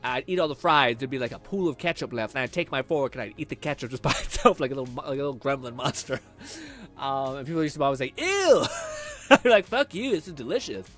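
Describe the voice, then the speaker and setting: A man's voice: medium pitch, fast, fairly bright tone, faint music behind. A young man streaming a game, chatting casually with viewers, rambling, swearing and laughing often. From Canada. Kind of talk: casual chat reading viewer comments.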